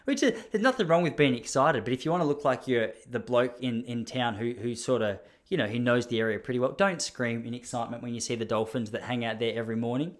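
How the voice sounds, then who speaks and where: Australian man, podcast host, casual rambling storytelling, self-deprecating, mid-pitched voice. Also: fast, few pauses. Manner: rambling, self-deprecating, often breaks into laughter.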